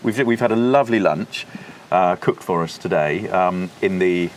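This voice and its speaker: A man's voice: low-pitched, moderate pace. A man co-hosting a podcast, talking enthusiastically and explaining history at length, recorded outside in a windy courtyard. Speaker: podcast co-host. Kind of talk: casual chat.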